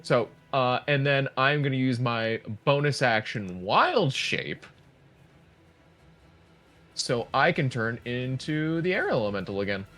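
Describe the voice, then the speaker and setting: A woman player in a tabletop game, describing her turn in a relaxed, joking way. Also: rumbling low, unhurried. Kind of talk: casual tabletop game talk.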